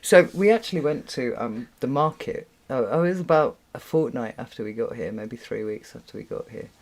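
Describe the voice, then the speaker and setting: British woman, tarot reader hosting a home live stream. Casual, rambling, quick to laugh, swears freely. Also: rumbling low, animated, darkish tone. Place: room at home with a window.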